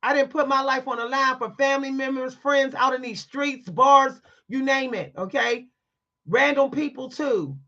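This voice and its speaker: A woman's voice: high voice, normal speed, a bit bright, dull audio. A woman telling a story to her viewers in a blunt, emphatic, preachy way, stressing her words. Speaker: vlogger. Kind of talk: candid storytime monologue to viewers.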